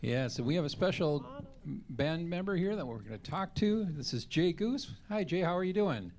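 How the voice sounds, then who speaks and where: A man's voice: a little high, lively intonation, moderate pace, a little mellow, a little hiss or hum. A man hosting a casual interview on a community TV show, prompting his guest with questions. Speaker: host. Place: community TV studio.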